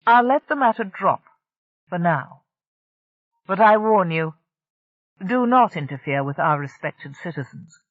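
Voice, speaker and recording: An audiobook narrator voicing a male crime-family enforcer who speaks smoothly and issues quiet threats. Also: mid-range voice, animated, measured pace, pauses often, no room sound, phone-quality sound, voice pushed up, natural voice. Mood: cool menace.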